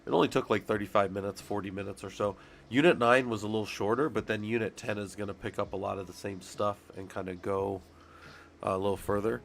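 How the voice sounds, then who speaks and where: A man chats on a live stream in a low, gravelly voice, stuffed up with a cold. He rambles and curses freely while answering his chat. A faint hiss sits under the recording. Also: steady tone, quick pace. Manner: profane, rambling, talks to chat. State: congested and sick. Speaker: streamer talking through job requirements.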